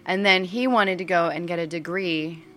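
A chatty woman in middle age talks through her story in a relaxed podcast conversation. Her voice sits low for a woman but has a bright, forceful edge. She laughs easily and gushes as she goes. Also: moderate pace. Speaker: podcast guest, yoga teacher. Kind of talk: casual chat.

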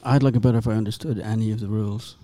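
A man's voice: lowish voice, steady tone, racing, warm tone, no echo. Guy hosting a band podcast, jokey, laughs a lot. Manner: laughs easily, teasing. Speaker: podcast host. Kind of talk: casual chat.

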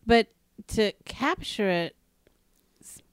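A woman co-hosting a podcast, telling stories in a lively, emphatic way with sudden rises in her voice. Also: slow, smooth, no echo, studio quality. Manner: animated storyteller, emphatic rises in pitch. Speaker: podcast co-host. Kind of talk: casual podcast conversation.

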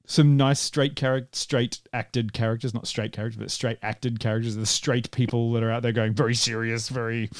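A man's voice: medium pitch, little pitch movement, normal speed, few pauses, no room sound, studio quality. A man hosting a podcast in casual chat, rambling and joking, often laughing. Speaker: podcast host.

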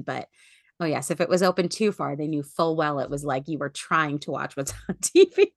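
A woman co-hosting a casual podcast chat, telling stories with frequent laughter. Her voice sits on the lower side and is recorded dry and close, with almost no room sound. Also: lively intonation, fairly quick, dry recording. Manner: chatty, laughs often while telling a story. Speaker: podcast co-host.

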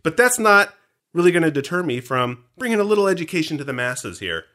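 Man, podcast co-host, bright voice, lively pitch, joking trivia chat. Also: a little fast. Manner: joking, animated, teasing. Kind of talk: casual movie commentary chat.

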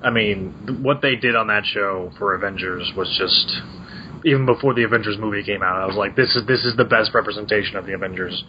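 A man co-hosting a casual interview, gushing as a fan with halting starts and repeats. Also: fairly low pitch, lo-fi sound, slight background noise. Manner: halting, restarts, fanboy enthusiasm. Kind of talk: casual podcast chat.

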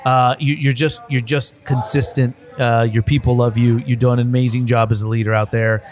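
A man hosts a relaxed workplace chat. He tells stories with a lot of energy, stumbles and repeats words, and keeps his voice in a middle pitch. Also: moderate pace, soft background music. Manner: animated storyteller, repeats words, says bro. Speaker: podcast host. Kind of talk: casual conversation.

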